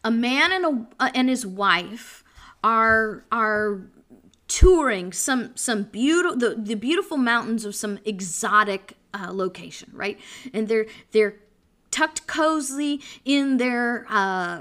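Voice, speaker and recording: A woman's voice: on the high side, lively intonation, slow, a bit bright. A woman hosting a podcast and giving an impassioned political commentary monologue, preachy in tone and often restarting her sentences. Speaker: podcast host.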